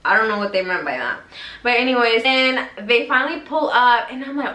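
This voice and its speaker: Bright-voiced young woman, chatty storytime. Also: on the high side, lively intonation, normal speed, a little hiss or hum. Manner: casual, chatty, peppered with "like" and swearing. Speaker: vlogger. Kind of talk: storytime vlog. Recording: roomy echo.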